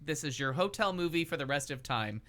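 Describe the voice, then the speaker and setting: A man co-hosting a talk show, chatting casually and with strong opinions about movies, swearing freely and pausing on fillers. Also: fairly high pitch, expressive, pushed and bright. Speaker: podcast co-host. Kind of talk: casual chat reviewing movies.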